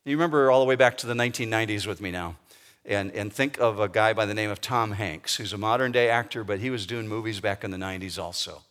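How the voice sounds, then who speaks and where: A male pastor preaching a sermon, emphatic, slowing down to stress key words. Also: mid-range voice, bright, forceful tone. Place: church sanctuary. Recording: long reverb of a large hall.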